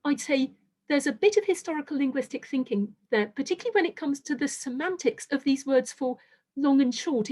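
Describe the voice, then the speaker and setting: A woman lecturer giving a measured, precise academic lecture, carefully qualifying each point. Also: sits high, a little mellow.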